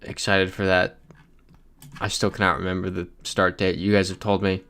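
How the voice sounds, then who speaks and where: A deep-voiced man with a fairly bright tone talks at normal speed, his pitch barely moving. He's the host of a casual stream, chatting loosely and reading viewer messages aloud as he plays.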